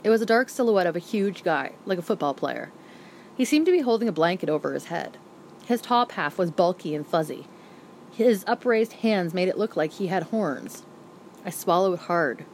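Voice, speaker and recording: A woman reads a first-person novel aloud as an audiobook narrator. Her telling is brisk and vivid, in a voice a little low for a woman. A faint hiss sits behind the recording. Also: lively intonation, darkish tone.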